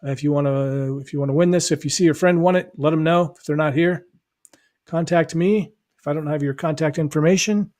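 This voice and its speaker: Chatty Californian male host, bright-ish voice. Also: on the high side, steady tone, a little fast, no echo. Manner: chatty, laughs easily, restarts a lot. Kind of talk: casual live-stream chat.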